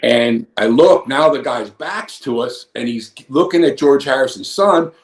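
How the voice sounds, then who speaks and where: Speaking in an animated, unhurried mid-range voice, this fifties-aged man, once a pro wrestler and now a guest, spins a meandering tale packed with swearing. It's casual storytelling, recorded in a room with plenty of echo.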